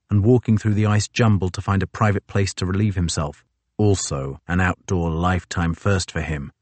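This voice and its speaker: A man reading a novel aloud as an audiobook narrator, in a measured, even storytelling delivery. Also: lowish voice, no room sound.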